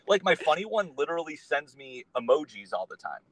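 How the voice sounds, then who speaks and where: A man's voice: on the high side, sing-song, brisk, a bit bright, poor audio. A man, a guest on a podcast, talking in a casual conversation and telling his story in an earnest, meandering way.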